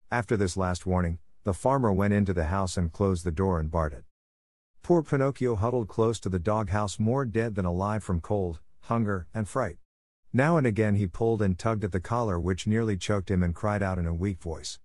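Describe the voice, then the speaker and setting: An audiobook narrator with a low voice reads a scripted storybook at normal speed. His tone is somewhat dark, and the studio-quality recording has no echo.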